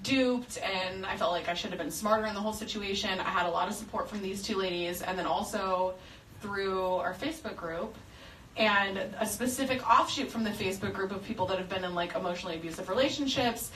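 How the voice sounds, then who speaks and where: A woman's voice: mid-range voice, a little fast, fairly bright tone, roomy sound, far from the mic, a little hiss or hum, rough recording. A woman co-hosting a chat podcast, joking and laughing easily. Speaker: podcast co-host. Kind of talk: casual chat.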